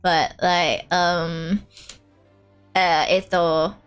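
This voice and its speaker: A young woman streaming a game, chatting casually in an animated, giggly way. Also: lowish voice, very slow, smooth, faint music behind. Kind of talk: casual let's-play chat.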